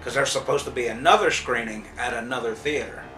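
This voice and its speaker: Dude recapping a horror episode, swears a lot, bright voice, echoey room w/ faint music. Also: male voice, medium pitch, a little fast. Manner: loose, profane storytelling with lots of "like" and "uh". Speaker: TV episode reviewer. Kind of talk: casual spoiler recap. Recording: roomy echo, distant mic, faint music.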